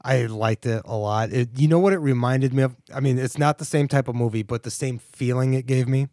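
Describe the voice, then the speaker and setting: A man's voice: medium pitch, fairly quick, dark tone, no echo, studio quality. A man co-hosting a podcast, chatting casually about movies with enthusiasm and frequent restarts. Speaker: podcast co-host.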